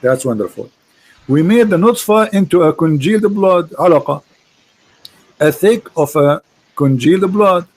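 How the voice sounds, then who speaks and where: This high-voiced man, who has an Arabic accent, hosts and debates casually on a video call. With lively intonation and a forceful tone, he talks in rapid, mocking bursts and frequently repeats himself, though the audio is poor.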